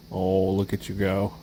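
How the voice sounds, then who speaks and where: A man at home talking to his cats in soft, cooing baby talk, chuckling often as he films them on a handheld camera. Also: deep voice, a little hiss or hum, poor audio. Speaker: pet owner filming his cats. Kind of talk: casual talk to pets. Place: home indoors, hallway and living room.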